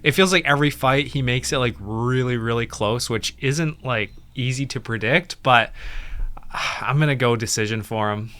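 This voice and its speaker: A young man co-hosting a relaxed, joking fight-prediction chat and laughing often. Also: medium pitch, normal speed, clear, resonant tone. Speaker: co-host.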